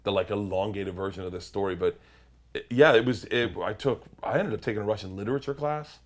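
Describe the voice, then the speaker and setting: Here the same sort of guest, a comedian in his forties, tells an interview story in a low-leaning voice at a slightly quick pace. He wanders, interrupts himself, and slips into character whenever he quotes someone.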